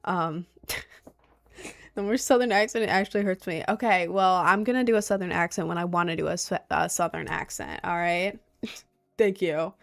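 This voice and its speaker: A young woman from the United States who streams live, chatting casually and reading out viewer comments. She rambles through stories with lots of fillers and sudden lively outbursts. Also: fairly low pitch, moderate pace, gravelly. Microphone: desk mic, sometimes leaning close.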